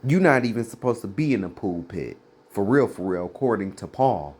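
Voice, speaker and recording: A man's voice: on the low side, expressive, brisk, darkish tone. A man giving fiery, blunt commentary on preachers, scornful and mocking. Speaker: religious commentator.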